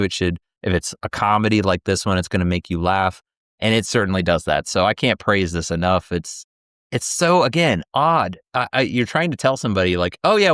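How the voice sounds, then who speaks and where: Low-voiced enthusiastic man chatting about a film. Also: a bit bright, no room sound, studio quality. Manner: enthusiastic, quotes lines in playful voices. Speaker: co-host of a movie review show. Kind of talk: casual movie review chat.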